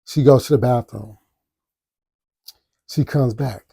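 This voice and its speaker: Male podcast host, dark and mellow, animated storyteller who does his own sound effects. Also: mid-range voice, slow pace, gravelly, breathy edge, dry recording, clean studio sound. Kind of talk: casual storytelling.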